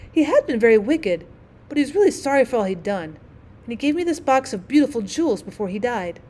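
A woman reading the part of a grave, serious young girl who speaks quietly and solemnly, in a storybook reading. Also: fairly high pitch, big pitch swings, a little fast.

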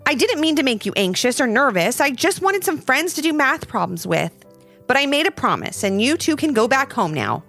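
A woman's voice: high voice, very animated, normal speed, a bit bright, pitched above the performer's own voice, heavily acted. A woman voicing a smug, snappy, lonely ruler of a math world in a children's storybook reading, over faint music. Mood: sulky. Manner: smug, snappy, then sulky.

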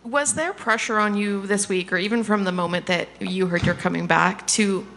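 A woman interviewer asking questions in a hesitant, soft-spoken way. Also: mid-range voice, normal speed, a little hiss or hum. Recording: long hall reverb.

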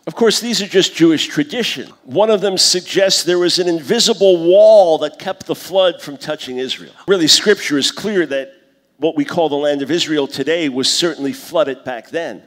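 A man in his fifties giving a conference lecture on scripture, teaching in a lively way and acting out the voices he quotes. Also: on the high side, normal speed. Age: 50s. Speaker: conference speaker. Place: conference hall. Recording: long hall reverb.

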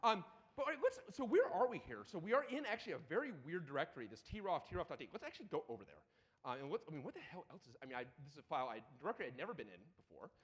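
A man giving a live lightning talk at a conference while demoing a terminal, excitable and profane, with rapid asides. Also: on the high side. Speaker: conference speaker. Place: conference hall. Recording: reverberant conference hall.

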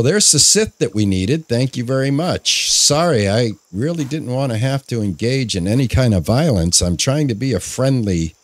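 A man giving casual play-by-play on a game, his pitch swinging up and down in an animated way. He chats and jokes as he goes, talking to himself and to the characters on screen. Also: no room sound. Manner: chatty, jokey, talks to himself and the characters. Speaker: gamer playing through a farming game. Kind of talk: casual gameplay commentary.

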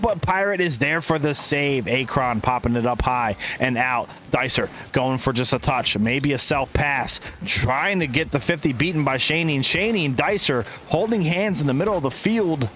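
A man's voice: medium pitch, normal speed, few pauses, fairly bright tone, a little hiss or hum. A man casting an esports match live with playful play-by-play, inventing silly words and chatting with viewers between plays. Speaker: esports caster.

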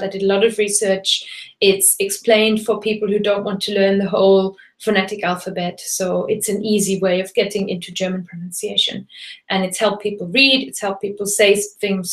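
A woman hosting a live webinar as a German teacher, talking casually and hopping between German and English with fillers and restarts. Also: medium pitch. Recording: roomy echo.

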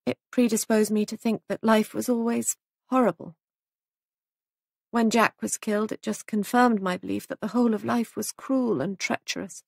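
A woman voicing a gentle young woman who speaks in a steady, reassuring way. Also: on the high side, normal speed, gravelly, no echo, studio quality. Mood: reflective.

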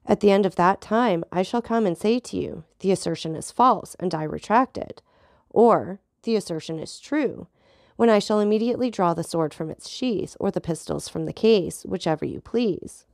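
A woman voicing a calm, ironic male journalist who replies in a deliberate, measured way, with a gravelly voice. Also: medium pitch, no echo, studio quality, close to an everyday voice.

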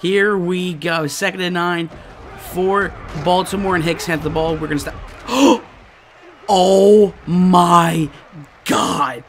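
A man hosting a gaming channel, giving live let's-play commentary and reacting excitably to each play. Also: sits high, moderate pace, a little hiss or hum. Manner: excitable, yelling and groaning at plays.

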